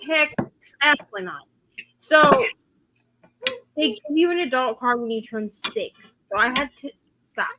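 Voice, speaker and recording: A woman's voice: sits high, expressive, normal speed, long pauses, background noise. A woman co-hosting a casual livestream, telling rambling stories full of "like". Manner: rambling anecdotes with many "like"s. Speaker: co-host.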